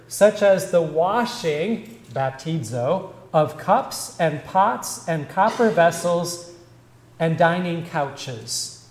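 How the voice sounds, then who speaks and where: Man, pastor, sermon, slow measured delivery, slightly high voice, roomy echo. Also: a little mellow. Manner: measured, deliberate teaching delivery. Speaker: Lutheran pastor.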